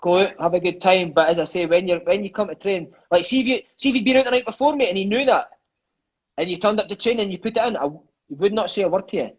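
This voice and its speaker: Scottish man, thirties, high voice, chatty and sweary raconteur, dull lo-fi recording. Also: quick pace, breathy edge. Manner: animated, swearing, peppers lines with "mate". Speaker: interview guest, former footballer. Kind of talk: casual storytelling chat. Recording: dull lo-fi sound.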